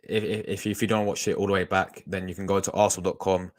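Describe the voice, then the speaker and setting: A man's voice: deep voice, little pitch movement, fast. A young man, chatting casually to his live-stream audience as a fan channel host, rambling with lots of restarts. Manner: rambling, chatty, talks to chat, restarts a lot.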